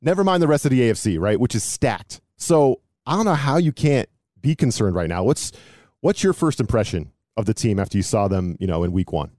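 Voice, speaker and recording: A man in his thirties hosting a casual sports podcast, chatty and self-deprecating, with quick asides. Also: medium pitch, animated, warm tone, dry recording, studio quality. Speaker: podcast host.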